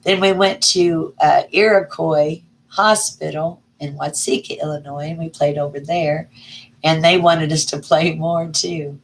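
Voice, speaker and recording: A middle-aged woman, chatting casually on a livestream and greeting viewers by name with folksy warmth. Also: low voice, fairly even intonation, measured pace, a little hiss or hum. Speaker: livestream host. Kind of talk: casual live chat reading viewer comments.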